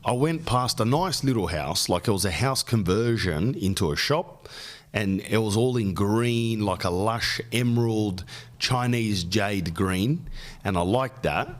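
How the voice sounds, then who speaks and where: A middle-aged man with an Australian accent, hosting a podcast and telling a long, rambling story full of jokes and quick lists. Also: lowish voice, expressive. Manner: rambling, jokey, riffs on lists. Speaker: podcast host. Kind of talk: casual storytelling monologue.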